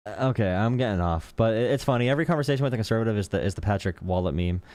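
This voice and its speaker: Male political streamer, deep-ish voice, dry mic, casual joking chatter with his audience. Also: expressive, rapid-fire, darkish tone, no echo. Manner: rambling, joking, talks to chat. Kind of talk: live-stream commentary.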